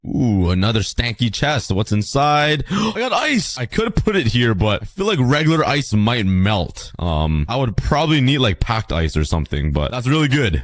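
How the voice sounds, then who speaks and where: A young man giving excitable Minecraft let's play commentary, exclaiming and laughing often. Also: mid-range voice, no echo. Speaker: gaming YouTuber.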